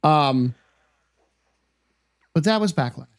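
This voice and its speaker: A man's voice: a little high, lively intonation, slow pace, no echo, studio quality. A man co-hosting a podcast, chatting easily about games and wrestling, thinking aloud with restarts. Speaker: podcast co-host. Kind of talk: casual wrestling chat.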